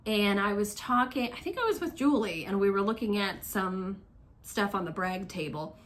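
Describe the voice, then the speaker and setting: A woman's voice: medium pitch, normal speed. A woman hosting a cross-stitch vlog, telling stories in a chatty, enthusiastic way and laughing often. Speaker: Flosstube host. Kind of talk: casual storytelling vlog.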